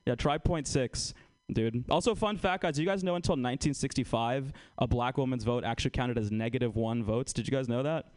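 A man's voice: medium pitch, fairly quick, a little mellow. A man performing a stand-up comedy set on a club stage, ironic and conversational, often asking the crowd questions.

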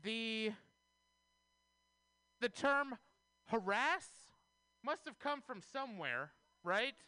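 A man performs a stand-up set live on radio with a deadpan, deliberate delivery. His voice is bright and smooth. He takes his time, and the room sound is dry. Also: very high voice, dry recording. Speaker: stand-up comedian.

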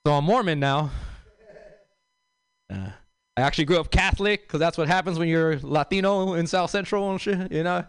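A man's voice: on the high side, moderate pace, long pauses, smooth, dry recording. A young man from Los doing a stand-up set, with a loose, rambling delivery full of fillers and asides. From South Central Los Angeles. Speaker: stand-up comedian.

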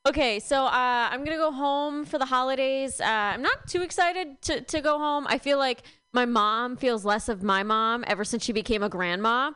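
A young woman performing a rambling, deadpan stand-up comedy set. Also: high-pitched, normal speed, hardly any pauses, clean tone, no echo. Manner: deadpan, rambling with many fillers.

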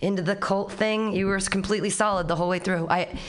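A woman's voice: medium pitch, fairly even intonation, fast. A woman hosting a comedy show, loose and enthusiastic, casually swearing between acts. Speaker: open mic host.

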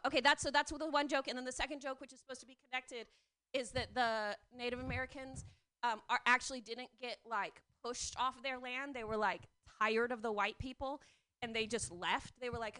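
A woman with a high, bright voice works through a stand-up set on a small comedy stage. She keeps interrupting herself and wandering off track. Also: steady tone, brisk, smooth. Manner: scattered, self-interrupting, giggly. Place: comedy open mic stage.

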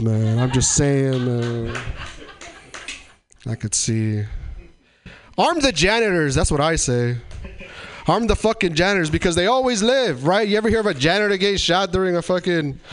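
A man's voice: fairly high pitch, slight background noise. A man hosting a comedy club show, bantering with the crowd in a laid-back, profane way. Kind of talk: stand-up hosting.

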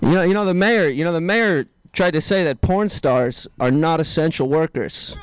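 A man doing a stand-up comedy set, telling dark jokes deadpan and tossing asides to the crowd. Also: a little high, normal speed, clear, resonant tone, rough recording.

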